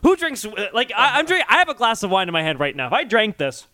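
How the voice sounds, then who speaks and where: A man's voice: high voice, lively intonation, quick pace, sharp tone, no room sound. A man co-hosting a podcast, chatting casually with crude jokes. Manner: crude, joking. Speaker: podcast co-host. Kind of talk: casual comedic chat.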